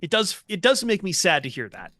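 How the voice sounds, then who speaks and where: A man co-hosting a sports podcast, with a bright, forward voice. He makes relaxed, wry remarks in easy banter. The recording is dry and close. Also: high-pitched, brisk, dry recording. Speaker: podcast co-host.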